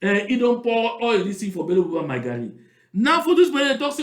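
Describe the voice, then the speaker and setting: A man's voice: sits high, huge pitch swings, quick pace, reverberant. A man speaking Cameroonian Pidgin English, giving mocking, emphatic political commentary and repeating points for stress.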